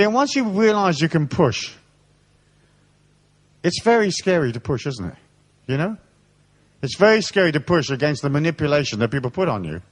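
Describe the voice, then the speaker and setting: A man giving a live seminar talk in a large hall, telling rowdy stories full of swearing. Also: a little high. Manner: profane, storytelling, animated. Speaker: seminar speaker.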